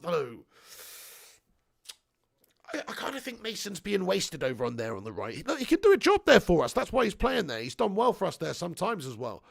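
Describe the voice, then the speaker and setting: A man in his thirties with a high, heavily gravelly voice hosts a live football watch-along. He chats loosely, swears freely and laughs as he reads viewer comments and calls the action. There is a raspy fry running through his speech. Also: wildly swooping pitch, a little fast. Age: 30s. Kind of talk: casual live match commentary and chat.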